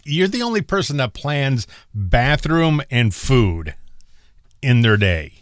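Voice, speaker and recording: A man's voice: medium pitch, very animated, takes it slowly, dry recording. A man co-hosting a casual podcast chat, teasing and joking with his partner. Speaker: co-host.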